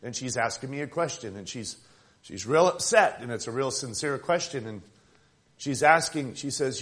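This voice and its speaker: A man preaching a sermon in a conversational yet emphatic way, building up to forceful points and dropping to quiet asides. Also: medium pitch, animated, moderate pace. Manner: emphatic, conversational preaching with rising and falling intensity.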